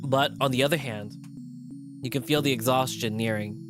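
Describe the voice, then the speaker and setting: A streamer narrating a visual novel aloud in an animated way, jumping in and out of character voices. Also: mid-range voice, moderate pace. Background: background music.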